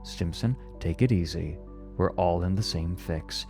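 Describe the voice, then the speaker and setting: A tense, steady spaceman calling out firmly, a touch higher than the deep reading voice, as a man acts him out. Faint music hums behind him. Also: unhurried, creaky.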